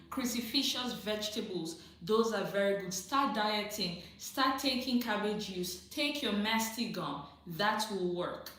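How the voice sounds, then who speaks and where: A woman's voice: medium pitch, fairly bright tone. A woman hosting a casual livestream, reading viewer questions aloud and answering them directly, often laughing and repeating her advice for emphasis. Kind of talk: casual live chat, reading and answering comments. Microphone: phone or computer mic on a livestream. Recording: very echoey room.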